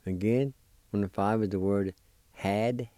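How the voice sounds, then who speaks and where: A man's voice: fairly low pitch, steady tone, a little slow, warm tone, dry recording. A man hosting a radio language lesson, carefully spelling and pronouncing words for his listeners and encouraging them. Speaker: language teacher and show host.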